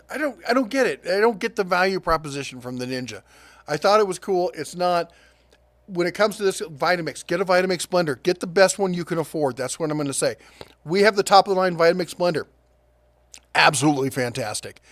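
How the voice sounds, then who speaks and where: A middle-aged man hosting a casual deals rundown, chatty and quick with asides, laughing at his own jokes. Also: a little high, no echo. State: prone to coughing fits. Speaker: host of a tool and deals channel.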